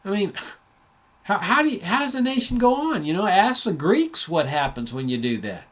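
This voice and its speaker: Male host with a raised pitch, delivering a fired-up, mocking political monologue. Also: big pitch swings, normal speed. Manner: impassioned, sarcastic, full of restarts. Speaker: talk show host.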